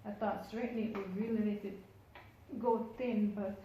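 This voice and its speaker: A woman's voice: medium pitch, steady tone, moderate pace, dull audio, slight background noise. Chatty woman vlogger in an echoey room. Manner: chatty, addresses viewers while working. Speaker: hair vlogger. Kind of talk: casual how-to narration.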